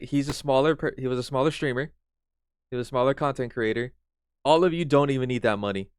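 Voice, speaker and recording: Streamer guy going off on a rant, swears a lot, smooth voice, dry sound. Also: mid-range voice, dry recording. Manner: profane, exasperated ranting. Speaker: streamer reacting to a video. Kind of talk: reaction stream commentary.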